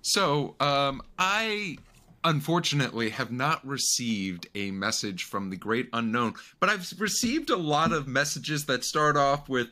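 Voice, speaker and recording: A man's voice: medium pitch, expressive, a little slow, bright, forceful tone. A man hosting a podcast in casual, playful chat, laughing often. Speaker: podcast host.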